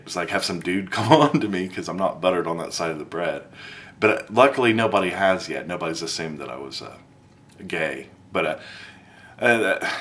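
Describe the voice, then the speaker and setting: A man's voice: sits low, a bit bright, slight background noise. A man talking casually to camera in a video blog, rambling with many fillers and self-deprecating asides. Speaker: vlogger.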